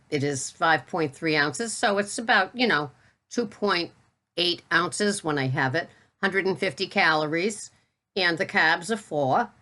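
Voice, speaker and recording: A middle-aged woman with a Boston accent talks casually to her viewers about groceries. Her voice sits low. She is chatty and blunt, with a teasing edge. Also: sharp tone. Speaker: keto vlogger. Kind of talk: casual product talk to camera.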